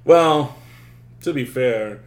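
A man's voice: medium pitch, extremely slow, echoey room. A man hosting a podcast, telling stories in casual chat, rambling with many fillers and cursing freely, recorded in a hotel room. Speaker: podcast host.

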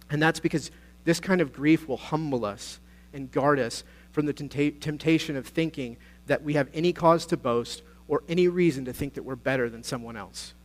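A man preaching a sermon as pastor, earnest and exhorting, moving between quiet passages and louder, urgent appeals. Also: fairly high pitch. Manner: earnest, exhorting, swings between soft and loud.

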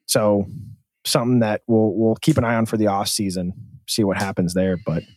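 A man's voice: on the low side, steady tone, moderate pace, darkish tone, dry recording. Male podcast co-host, casual joking sports banter, dry close sound.

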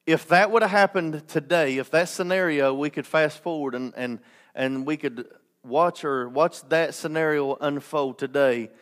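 A man preaching a sermon as pastor, impassioned, with restarts and joking asides. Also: mid-range voice.

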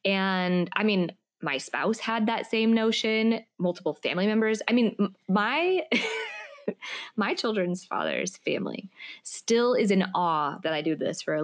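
A woman in her thirties co-hosting a podcast, telling stories in lively casual chat and laughing often. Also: medium pitch. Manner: animated storytelling, laughs often. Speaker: podcast co-host.

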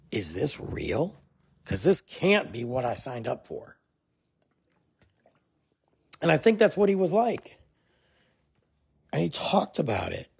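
A podcast host talks through a casual commentary monologue with a gravelly, husky voice. The pitch swings widely as the host leans into points and acts out bits of quoted dialogue. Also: a little mellow.

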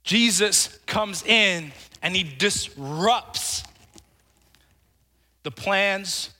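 A man's voice: high voice, pushed and bright. A man preaching a sermon, emphatic, calling on the congregation to respond and repeating his phrases. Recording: long hall reverb.

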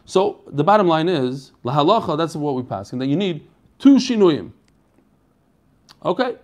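High-voiced chatty man teaching. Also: very animated, normal speed. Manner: chatty, asks questions and answers them himself. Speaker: Talmud teacher. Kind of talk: online Talmud class, casual explaining.

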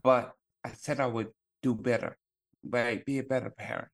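A man's voice: medium pitch, fairly even intonation, moderate pace, vocal fry. A young adult man, a podcast co-host, telling a family story in casual chat with many fillers and some swearing.

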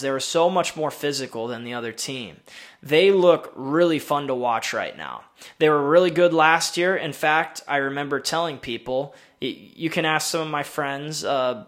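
A man hosts a casual sports podcast and voices strong opinions in an easygoing, rambling flow. He often stops himself mid-sentence and restarts. His voice sits at an ordinary middle pitch. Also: fairly bright tone. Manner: rambling, opinionated, self-interrupting. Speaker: podcast host. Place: home in winter city.

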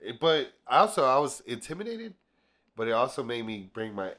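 A man, an actor guest on a podcast, talking casually and hesitantly with many pauses. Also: medium pitch, very animated, a bit bright. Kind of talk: casual chat.

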